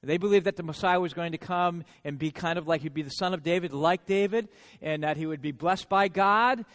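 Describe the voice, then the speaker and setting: A man preaches a sermon in a loose, conversational way and keeps checking in with "right?". His voice sits high for a man, and a long reverb trails after it, as in a large hall. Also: fairly quick.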